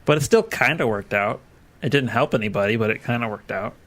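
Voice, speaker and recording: A man's voice: mid-range voice, a little fast, fairly bright tone. A man player on a tabletop game podcast who rambles and makes fun of himself. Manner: self-deprecating, rambling jokes. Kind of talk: casual chat.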